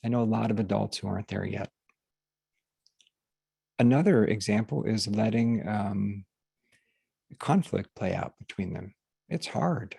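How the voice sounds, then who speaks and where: A man hosting a group session, talking casually and haltingly, with many fillers and restarts, over a video call. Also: on the low side, creaky, dark tone, breathy edge, no room sound. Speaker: workshop host. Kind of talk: casual teaching talk to a group.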